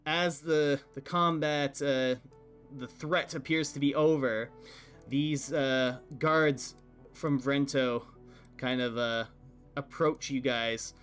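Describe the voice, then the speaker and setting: A man's voice: mid-range voice, fairly even intonation, a bit bright, faint music behind. Hesitant man narrating a tabletop game. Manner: halting, many fillers. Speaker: game master.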